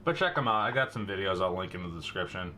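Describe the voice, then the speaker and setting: A man's voice: deep voice, lively intonation, quick pace, bright, forceful tone, slight background noise. A young man with a Boston accent hosting a casual gun-maintenance how-to, chatty and jokey, calling his viewers guys and bro. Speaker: gun channel host.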